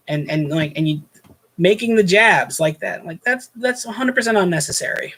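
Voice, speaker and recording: A man's voice: high voice, expressive, normal speed, a bit bright, slightly rough. A man hosting a casual show, telling a rambling, exasperated story about a pushy guest at his hotel night-desk job, with many restarts.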